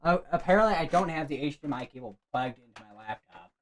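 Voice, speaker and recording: A man's voice: a little high, lively intonation, fast talker. A young man from the United States hosting a casual weather livestream from his room, rambling and correcting himself as he talks. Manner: rambling, chatty, self-correcting. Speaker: weather stream host. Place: home room with green screen.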